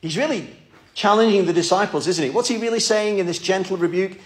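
Man, preacher, sermon, earnest, pleading, repeats words, slightly high voice. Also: brisk. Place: church.

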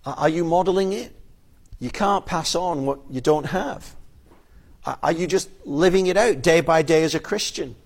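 A male pastor delivering a sermon from the pulpit. His voice sits a little above the usual male pitch. He speaks earnestly and often repeats a word as he begins a new phrase. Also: moderate pace. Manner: earnest, repeats words when starting a phrase.

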